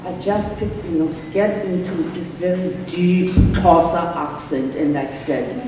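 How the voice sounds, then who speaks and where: An older woman gives an acceptance speech. She pauses often and repeats herself. The sound comes from far off in a large, echoing hall, with faint background noise. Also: fairly low pitch. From South Africa. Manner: halting, many fillers and repeats. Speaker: award honoree giving a speech. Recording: echoey hall, mic heard from far off.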